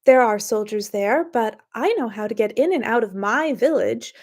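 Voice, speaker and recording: A small, stubborn Fey woman in an audio storybook, read by a woman. She answers in an exasperated, defiant tone in a fairly high voice. The reading is slightly sniffly. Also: lively intonation, moderate pace.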